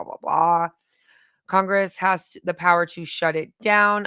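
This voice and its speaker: A woman hosting a livestream in casual chat, talking in an excitable, chatty way and laughing often. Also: fairly low pitch, smooth, no echo, clean studio sound. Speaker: livestream host.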